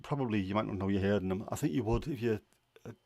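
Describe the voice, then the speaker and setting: Chatty Scouse man, low voice. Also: quick pace, vocal fry, darkish tone, dry recording. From Liverpool, England. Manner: rambling, chatty, many fillers. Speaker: livestream host. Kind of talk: casual chat answering viewers.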